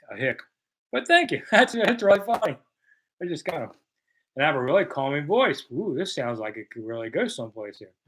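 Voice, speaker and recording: His voice medium in pitch and a touch bright, a Southern American man in his sixties runs a casual live chat as host. He reads questions from viewers and responds with self-deprecating jokes.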